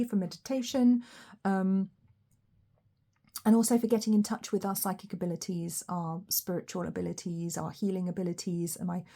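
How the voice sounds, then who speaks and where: Mellow-voiced woman doing a chatty tarot reading. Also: mid-range voice. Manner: rambling and chatty, musing aloud. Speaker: tarot reader.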